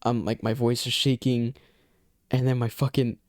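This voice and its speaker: In a casual storytime, a young male vlogger rambles through a personal story, cursing frequently and relying on filler phrases. His voice sits at medium pitch with a flat delivery at normal speed. The audio is studio quality with no echo.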